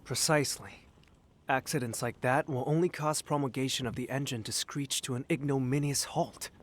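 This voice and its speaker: An actor voicing a fussy, formal engineer in a video game, speaking in a stiff, wordy way. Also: male voice, medium pitch, steady tone, moderate pace, lightly acted. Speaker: game character.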